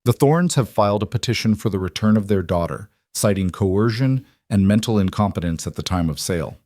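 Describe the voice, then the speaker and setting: A man's voice: lowish voice, expressive, fairly quick, warm tone, no echo, studio quality, natural voice. A man reading a pompous, oily judge. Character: pompous scheming male judge, middle-aged and portly. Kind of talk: storybook character reading.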